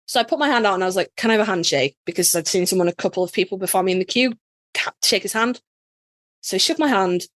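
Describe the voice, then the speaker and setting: A woman's voice: medium pitch, fast, no room sound, studio quality. A woman from Yorkshire with a Yorkshire accent, telling a story in a casual podcast chat, sassy and full of swearing. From Yorkshire, England. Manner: sassy, profane, animated storyteller. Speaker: podcast guest.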